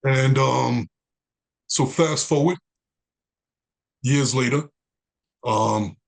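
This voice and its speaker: A man, a guest in an interview, telling his life story with animated quoted dialogue. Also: medium pitch, drawn-out words, gravelly. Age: 40s.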